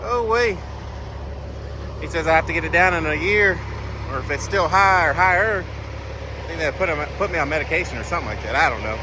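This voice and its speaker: Out of breath and holding his phone outdoors, a truck driver vlogs casually about his day around his truck and a loading yard. His voice sits on the high side, and he rambles plainly with sighs and fillers over background noise.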